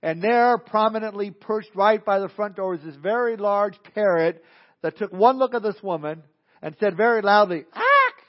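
A man's voice: high-pitched, moderate pace. A male pastor preaching a sermon in a folksy, joking storytelling manner, reading scripture and leading prayer. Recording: dull lo-fi recording.

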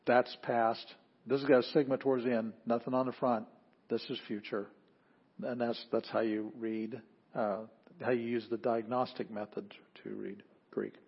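A man's voice: medium pitch, level tone, normal speed, breathy edge, highs cut off. A man teaching an introductory Greek class, explaining step by step and often restarting his phrases. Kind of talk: classroom lecture.

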